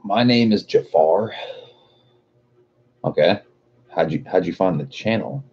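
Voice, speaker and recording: A man's voice: deep voice, expressive, a little slow, a little mellow, breathy edge, highs cut off. A man hosting a casual livestream, reading viewer comments aloud and joking with a lot of profanity and frequent laughter. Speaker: livestream host.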